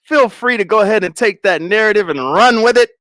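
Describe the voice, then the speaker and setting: Young male streamer, lively swooping voice, dry close sound, casual storyteller. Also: high-pitched, fairly quick, dry recording. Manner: animated, repeats words, bursts of loud laughter.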